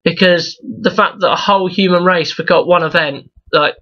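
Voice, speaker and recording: A man's voice: high voice, moderate pace, dull audio. A young man ranting in a profane, rambling review vlog, exasperated and full of restarts. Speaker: YouTube reviewer.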